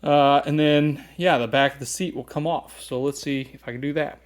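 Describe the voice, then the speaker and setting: A man's voice: on the high side, steady tone, normal speed. A man talking casually while working on a car seat in his garage, thinking aloud with plenty of fillers. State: slightly out of breath at times. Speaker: DIY car restorer. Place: home garage.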